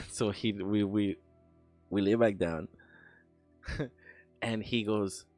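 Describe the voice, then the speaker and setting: A man's voice: fairly low pitch, steady tone, slow, pauses often, a little mellow, faint music behind. A young man streaming while he works on an animation, chatting casually, rambling, laughing and swearing as he tells stories.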